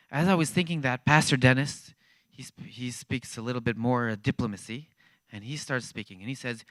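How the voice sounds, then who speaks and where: A man giving a church talk as animated, conversational storytelling. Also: mid-range voice, brisk, no room sound. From Israel. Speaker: guest speaker. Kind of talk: storytelling testimony.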